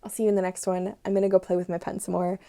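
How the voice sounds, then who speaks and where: Woman host, casual review vlog, mellow gravelly voice, gushing and excitable. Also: lowish voice, rapid-fire. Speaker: stationery channel host.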